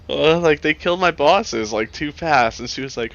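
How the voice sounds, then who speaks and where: Game master, male, gravelly low voice, joking and laid-back, lo-fi voice chat sound. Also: lively intonation, a little fast, few pauses, a bit bright. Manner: joking, laughs often, swears casually. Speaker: dungeon master. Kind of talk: casual tabletop game chat.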